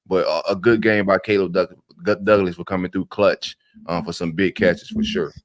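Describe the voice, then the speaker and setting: Podcast co-host, low voice, dry close sound, excitable and stumbling. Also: male voice, normal speed, no echo. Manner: animated, repeats words when excited. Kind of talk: casual sports chat.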